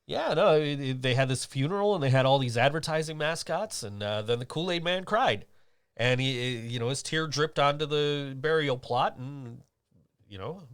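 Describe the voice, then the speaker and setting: A man's voice: mid-range voice, moderate pace, a bit bright, clean tone. Chatty male podcast host. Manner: rambling, chatty storytelling with many fillers. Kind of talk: casual chat.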